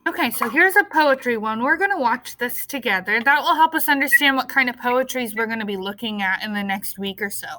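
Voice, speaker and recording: A woman's voice: on the high side, brisk, few pauses, pushed and bright, dry recording, poor audio. A woman teacher talking casually to her class on a video call, thinking aloud as she looks for a clip.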